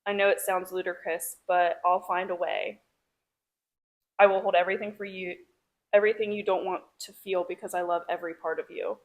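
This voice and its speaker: A woman co-hosts a casual book club podcast, reading favorite quotes aloud between bursts of giggly laughter. Her voice is fairly low, brisk, and flat in delivery.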